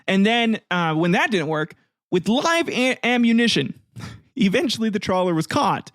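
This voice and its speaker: A man's voice: sits high, sing-song, normal speed, fairly bright tone, no room sound, studio quality. A man hosting a casual comedy history podcast, rambling and swearing, laughing often as he retells events. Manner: profane, rambling, laughs often, acts out voices. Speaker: podcast host.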